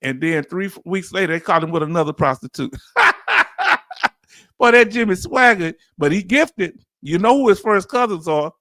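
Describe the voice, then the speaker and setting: A man with a Southern Louisiana accent giving an animated, preachy commentary as host, full of rhetorical questions and chuckles. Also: high-pitched, brisk, few pauses, no echo, clean studio sound. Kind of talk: casual commentary monologue.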